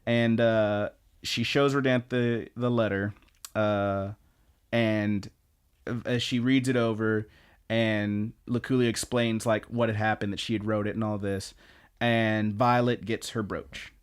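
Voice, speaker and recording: A man co-hosting a podcast talks slowly and smoothly in a lowish voice. He casually recaps anime episodes with animated storytelling, swearing from time to time.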